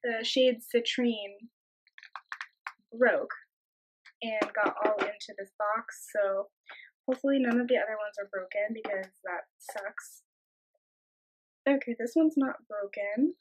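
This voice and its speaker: A woman beauty vlogger narrating a casual makeup tutorial in a chatty way, gushing with quick exclamations over the shades. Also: mid-range voice, slight background noise.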